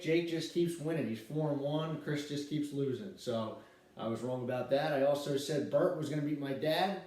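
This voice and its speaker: A man with a medium-pitched, somewhat dark voice hosts a casual fantasy football podcast on his own, rambling upbeat and full of fillers. He's the podcast host and also the league commissioner. The room is very echoey, and the mic sits at a distance.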